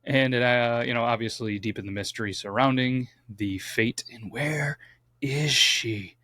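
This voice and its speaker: A man's voice: mid-range voice, a little slow, pushed and bright, no room sound, clean studio sound. A man co-hosting a casual true crime podcast, reading out the case and adding wry asides. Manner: reads case notes, adds wry asides. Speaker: podcast co-host.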